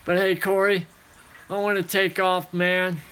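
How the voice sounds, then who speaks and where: A man chatting casually to viewers about his fish in a relaxed, rambling way, talking into a phone and calling everyone man and dude. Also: sits high, a little slow, a little hiss or hum. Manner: laid-back, rambling, calls listeners man and dude. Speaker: aquarium hobbyist vlogger.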